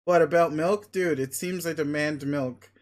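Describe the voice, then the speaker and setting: A man's voice: a little high, normal speed, lightly acted. A man doing a bragging crude muscle creature. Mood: manic. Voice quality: loud, bragging, swears constantly. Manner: bombastic, pushy, commanding. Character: boastful muscle-obsessed male creature, crude. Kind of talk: dramatic reading of a webcomic.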